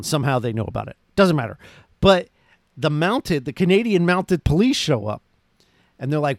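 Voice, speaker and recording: A man's voice: on the high side, very animated, normal speed, creaky, no echo, studio quality. A man casually recapping a movie plot on his podcast, rambling and enthusiastic, full of restarts and fillers. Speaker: podcast host reviewing a movie.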